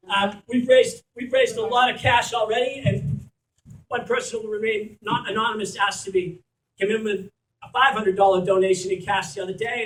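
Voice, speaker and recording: A man's voice: extremely high pitch, very noisy. A man speaking as organizer at a community fundraiser at a school, passionate and blunt, sometimes swearing. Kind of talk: impassioned fundraiser speech. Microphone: distant from the mic. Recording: echoey room, recorded from far off.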